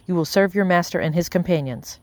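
A woman's voice: on the low side, brisk, no echo, lightly acted. A woman voicing an impatient, haughty lady of the house who speaks sharply and imperiously.

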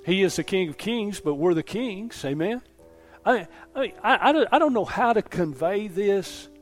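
A man's voice: high voice, animated, normal speed, faint music behind. A man preaching a sermon as pastor in a folksy storytelling way, often asking "Amen?" to the congregation. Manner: folksy preaching, repeats "Amen?", tells stories.

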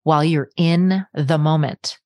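Woman podcast coach, low voice, direct and encouraging, dry close sound. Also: unhurried, warm tone, no echo. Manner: direct, encouraging, addresses listener. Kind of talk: self-help podcast talk.

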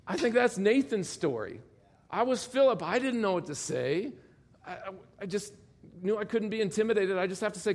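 A male pastor preaching a sermon, telling a story with quoted dialogue and bursts of laughter. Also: high voice.

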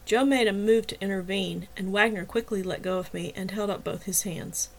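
A woman reading a novel aloud in first person as the narrator, with a steady, expressive delivery. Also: medium pitch, moderate pace, a little hiss or hum, poor audio. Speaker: audiobook narrator.

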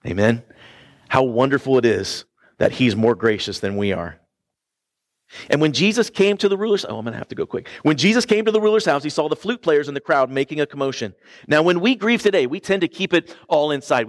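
A man preaching a sermon earnestly, swinging his voice up and down for emphasis and checking in with the congregation. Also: a little high. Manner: asks the congregation for response. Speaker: pastor.

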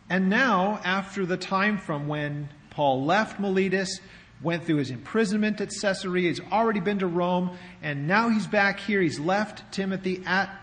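A man's voice: sits high, a bit bright. A man preaching a sermon as pastor, in a conversational way with rhetorical questions, in a church sanctuary. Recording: long hall reverb.

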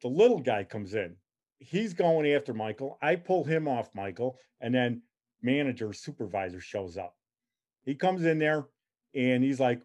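Middle-aged guy telling an old story, lively, acts out everybody's lines. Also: mid-range voice, normal speed. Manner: animated, acts out the other people's lines. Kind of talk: casual personal storytelling.

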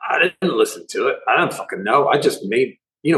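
A man's voice: mid-range voice, fast talker, low-quality recording. Rambling, swearing middle-aged man. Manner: rambling, profane, animated retelling. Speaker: band musician guest. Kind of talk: casual storytelling interview.

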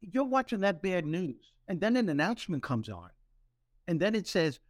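A man hosting a podcast, telling stories with humor in an animated, motivational way. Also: high voice, normal speed, dry recording, studio quality. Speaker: podcast host. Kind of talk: motivational storytelling talk.

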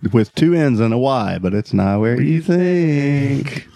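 A man's voice: mid-range voice, animated, takes it slowly, creaky, dark tone, no room sound, studio quality. A man hosting and running a tabletop role-playing game, bantering playfully and laughing often. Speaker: game master. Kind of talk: casual podcast banter.

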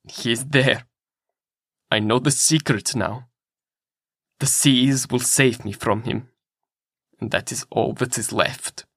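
A man's voice: mid-range voice, slow, long pauses, a bit bright, no room sound, clean studio sound. A man voicing a terrified, half-mad male ship's mate who speaks urgently and fearfully. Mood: despairing.

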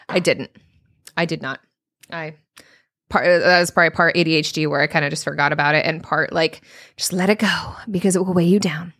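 A woman in her thirties hosting a solo coaching podcast, talking casually and profanely, with high-pitched mock voices when she quotes people. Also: fairly even intonation, a little fast, fairly bright tone, dry recording, clean studio sound.

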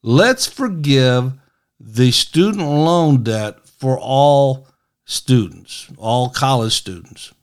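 A man's voice: mid-range voice, animated, extremely slow, clean tone. A middle-aged man hosting a casual political commentary, talking in a sarcastic, mocking, folksy way.

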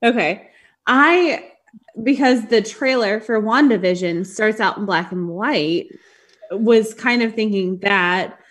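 A woman with a mid-range voice co-hosts a casual podcast. She is chatty and excitable and laughs easily. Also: mid-range voice, slow pace. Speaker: podcast co-host. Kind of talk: casual chat.

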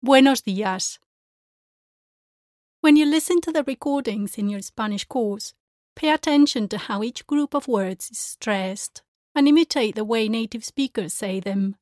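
Clear, careful woman language teacher. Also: fairly high pitch, normal speed, a little mellow, dry recording, clean studio sound. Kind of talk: pronunciation lesson.

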